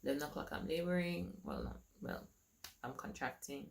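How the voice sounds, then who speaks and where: A woman telling her own story to camera in a casual, animated way, acting out what others said to her. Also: sits low, a little fast, creaky.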